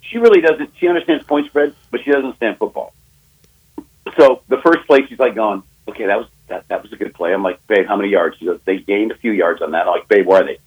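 A man talking on sports radio as a betting analyst, telling a story fast and with emphasis, acting out both sides of a phone call. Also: on the low side, slightly rough.

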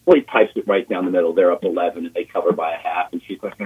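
A man in his sixties, a guest on sports radio, telling an animated story and acting out quotes, repeating himself as he goes. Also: sits low, fast, breathy edge. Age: 60s. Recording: phone-line call on radio.

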